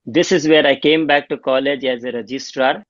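A man's voice: mid-range voice, moderate pace, no echo. Man telling his story, lo-fi. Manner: animated, acts out quoted dialogue. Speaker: homeopath guest. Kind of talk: storytelling interview. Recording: dull lo-fi dry sound.

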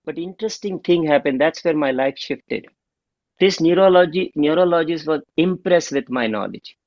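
A middle-aged man, a homeopath guest telling an animated story and acting out the dialogue. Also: a little high, normal speed, no room sound. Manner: animated, acts out quoted dialogue. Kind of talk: storytelling interview. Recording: dull lo-fi dry sound.

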